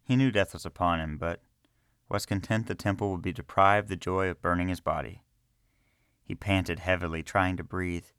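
A man reading a fantasy story aloud in a slow, measured way. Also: low voice, steady tone, fairly bright tone, clear, resonant tone, dry recording, clean studio sound. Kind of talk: scripted narration of a fantasy story.

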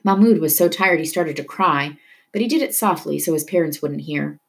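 A woman reading a novel aloud with steady storytelling narration. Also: low-pitched, moderate pace, gravelly. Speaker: reader.

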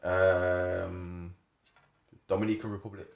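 A young man leading a casual word game among friends, animated and swearing. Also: low voice, measured pace, vocal fry, roomy sound. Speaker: game leader.

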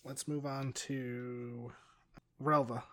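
A man's voice: medium pitch, level tone, extremely slow, a bit bright, no echo. A man with a Newfoundland accent playing a tabletop game, hesitant and thinking aloud. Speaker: player. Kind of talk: casual tabletop game play.

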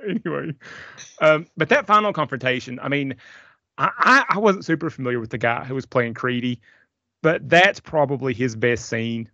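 A man's voice: mid-range voice, animated, moderate pace, sharp tone, no room sound. A man co-hosting a casual movie podcast, rambling and laughing often as he talks. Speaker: podcast co-host. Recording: dry, muffled lo-fi sound.

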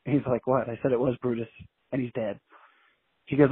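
Man, raspy voice, folksy animated storyteller, interview guest, phone-quality audio with no room sound. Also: medium pitch, moderate pace, no echo. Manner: colloquial, animated anecdote telling. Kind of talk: casual storytelling. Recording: tinny dry phone line.

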